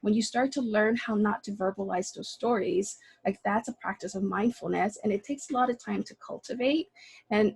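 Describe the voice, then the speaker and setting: A woman's voice: mid-range voice, husky, dry recording, rough recording. A woman speaking as a panelist in a casual online discussion, reflective and thoughtful, often restarting her sentences. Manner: reflective, frequent restarts and fillers.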